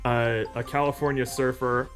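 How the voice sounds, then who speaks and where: A man's voice: medium pitch, little pitch movement, moderate pace, a bit bright, soft background music. Chatty man rambling through a story. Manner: rambling storyteller, laughs often. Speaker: streamer. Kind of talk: casual chat.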